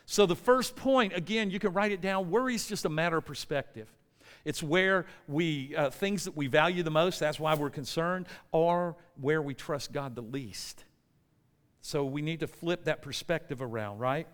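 A man's voice: fairly high pitch, moderate pace, a bit bright, clean tone. An American man preaching a sermon in a church, telling a story with lots of energy and checking in with the congregation. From United States. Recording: long reverb in a church hall.

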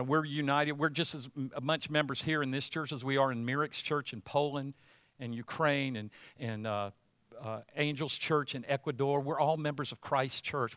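A man preaching a sermon as pastor, conversational at first, then building to loud, emphatic passages. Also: medium pitch, no echo, studio quality.

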